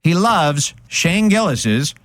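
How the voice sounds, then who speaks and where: A man's voice: on the high side, big pitch swings, slow, very noisy. A male host giving reaction commentary, narrating and setting up video clips.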